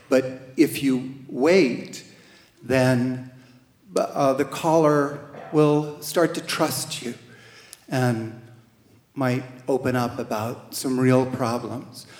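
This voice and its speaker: A man at a middle pitch telling a true story live, gently and wryly, stumbling over a word now and then. He takes his time with every phrase. His voice rings with a long reverb off a large hall. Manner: slow, gentle and wry, with hesitant restarts. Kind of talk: live first-person storytelling on stage.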